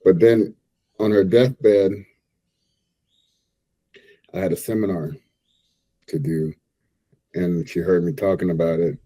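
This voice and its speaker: A man in his fifties, a guest on a podcast, telling a personal story slowly and reflectively. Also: low-pitched, steady tone, mellow, dry recording, rough recording. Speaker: guest, retired bodybuilder. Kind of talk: interview storytelling.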